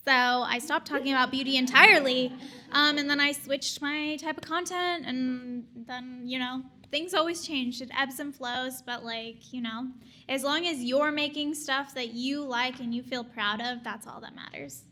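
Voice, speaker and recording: Female panelist, high and bright, chatty with lots of fillers. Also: normal speed, a little hiss or hum. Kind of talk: casual panel answer.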